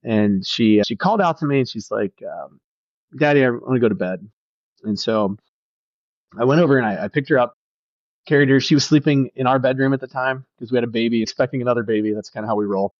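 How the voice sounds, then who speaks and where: A man's voice: medium pitch, quick pace, dry recording. Man, pastor, earnest storytelling, reflective, restarts sentences, muffled lo-fi sound, dry. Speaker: pastor, podcast guest. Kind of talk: personal storytelling in a podcast conversation. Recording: dull, slightly lo-fi, dry sound.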